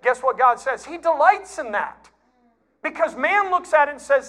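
A folksy pastor preaches with animated storytelling. His voice sits high, and it moves from quiet, hushed stretches to louder, pushed passages. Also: normal speed. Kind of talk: sermon.

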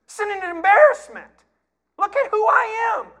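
A boastful giant warrior sneers with indignant scorn, as a preacher puts him on mid-sermon. The voice is pitched well above the speaker's own and rings out loud and high. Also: male voice, animated, normal speed. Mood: scornful.

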